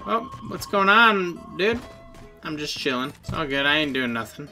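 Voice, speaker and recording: Very bright, lively man commenting on gameplay. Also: on the high side, normal speed, faint music behind. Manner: excitable, laughs often, yelps when spotted; slangy, playful trash talk. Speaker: gaming YouTuber.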